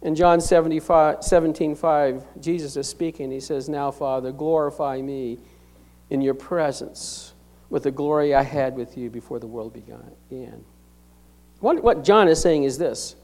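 A middle-aged male pastor with a notably high-pitched voice delivers a sermon. He presses each point hard, rising loud on key words and dropping to a hush to let them land. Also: moderate pace. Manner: emphatic preaching with sharp swings from loud to hushed.

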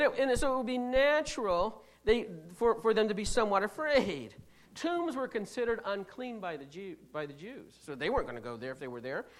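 A preacher giving a sermon, putting rhetorical questions to the congregation and swinging between loud stresses and quiet asides. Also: mid-range voice. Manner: frequent restarts while reading scripture.

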